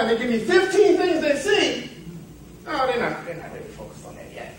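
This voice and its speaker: A man's voice: extremely high pitch, animated, brisk, recorded from a distance, a little hiss or hum. Rambling man speaking in an echoey hall. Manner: rambling storyteller, self-interrupting, playful asides. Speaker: seminar speaker. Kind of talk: motivational talk with a told parable. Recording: echoey hall, picked up from afar.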